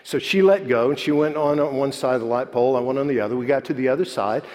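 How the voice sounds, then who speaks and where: A man preaching a sermon, moving between animated preaching and soft, quiet storytelling. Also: mid-range voice, fast. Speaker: pastor. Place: church sanctuary. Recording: long hall reverb.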